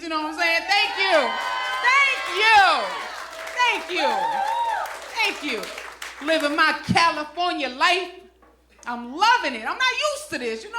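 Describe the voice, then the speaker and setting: A woman's voice: extremely high pitch, echoey room, noisy background. A middle-aged woman from Brooklyn, doing a stand-up comedy set with punchy, slangy delivery and asides to the crowd. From Brooklyn, New York. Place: comedy club stage.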